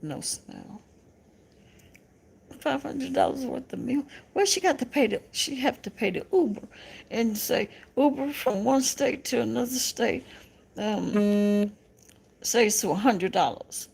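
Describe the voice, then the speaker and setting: Southern woman host, creaky gravelly voice, unhurried, chatty live-chat banter with lots of laughter. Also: fairly high pitch, expressive, a little mellow. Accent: Southern American. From American South. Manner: laughs often, teasing and chatty with viewers. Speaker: livestream host reading viewer comments.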